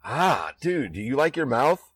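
A man's voice: mid-range voice, big pitch swings, a little slow, fairly bright tone, breathy edge, dry recording, distant mic, rough recording. A laid-back man from Iowa hosts a casual podcast from a backyard. He chats loosely and laughs often, and the sound is dry and close. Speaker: podcast host. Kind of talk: casual chat. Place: outdoors in a backyard.

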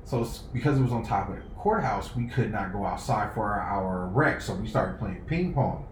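A man co-hosting a podcast, telling a story in casual, profane chat and loudly acting out what people said. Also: on the low side, moderate pace. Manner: animated, profane, acts out quoted lines loudly. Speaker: podcast co-host. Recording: echoey room with faint noise.

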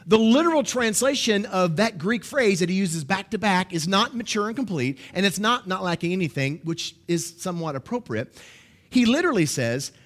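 A man's voice: sits high, animated, normal speed, a bit bright. A man preaching a sermon, teaching emphatically and checking in with his listeners.

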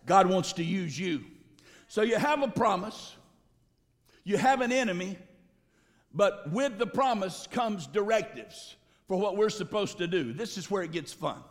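High-voiced pastor preaching in a reverberant hall. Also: male voice. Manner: emphatic, calls for congregation response. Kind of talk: sermon. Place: church sanctuary.

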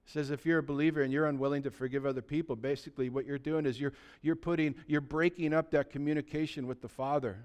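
A male pastor preaches a sermon in a high, clear, ringing voice. He exhorts the congregation and swings from hushed asides to loud, fervent calls. He slips in humorous remarks along the way. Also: steady tone, quick pace, few pauses.

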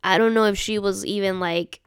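A woman's voice: medium pitch, fairly even intonation, brisk, clear, resonant tone, no room sound, clean studio sound. A woman talking casually on her own to listeners, chatty, often checking in and patiently spelling words out. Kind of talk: casual solo monologue.

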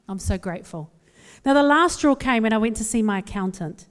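A woman's voice: a little high, lively intonation, brisk, clear, resonant tone. A woman with a New Zealand accent giving a humorous, candid personal talk to a live audience, telling stories in a self-deprecating way. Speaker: speaker. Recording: long hall reverb.

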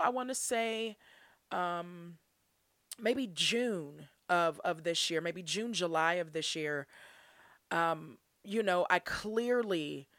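A young woman speaks straight to her podcast listeners, sincere and heartfelt, with frequent small laughs. Her voice sits a touch low. The sound is dry and close, with no room echo. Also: fairly bright tone. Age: young adult. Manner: earnest and heartfelt, laughing often. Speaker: podcast host. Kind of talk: solo podcast monologue.

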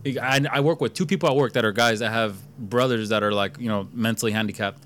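A man's voice: on the low side, fast, a bit bright. A man hosting a casual podcast chat, blunt and swearing, with lots of fillers.

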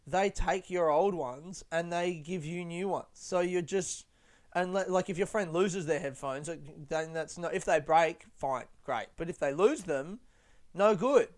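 Brief: young Aussie guy, smooth clear voice, slightly high, loose sweary solo podcast ramble. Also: a little slow. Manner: rambling, sweary and self-mocking. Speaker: podcast host. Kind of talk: casual solo podcast chat.

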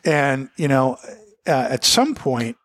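A man's voice: mid-range voice, big pitch swings, slow, dry recording, clean studio sound. A middle-aged man co-hosting a casual podcast, rambling and talking loosely. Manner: rambling, lots of fillers and restarts. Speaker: podcast co-host. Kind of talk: casual chat.

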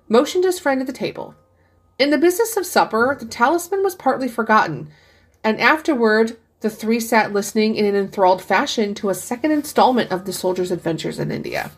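A woman narrating a classic short story as a podcast reading, measured and steady, slowing for the characters' lines. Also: a little high, breathy edge. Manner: measured storytelling, slows for quoted speech. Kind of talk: scripted audiobook reading.

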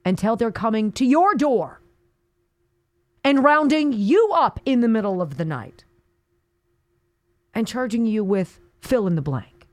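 A woman's voice: fairly high pitch, sing-song, unhurried, long pauses, dry recording. A woman hosting a talk radio show, delivering an indignant, sarcastic monologue with mocking asides.

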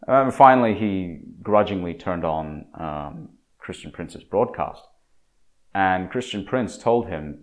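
A man with a deep, low-pitched voice talks at length in an opinionated monologue. His delivery is emphatic and preachy. He often stumbles, restarts and repeats words as he pushes his point. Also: expressive, measured pace, a little mellow.

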